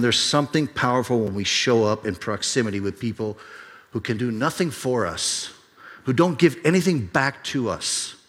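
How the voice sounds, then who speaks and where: A man's voice: medium pitch, fairly bright tone. A male pastor telling a story in a sermon, conversational and full of restarts. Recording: long reverb of a large hall.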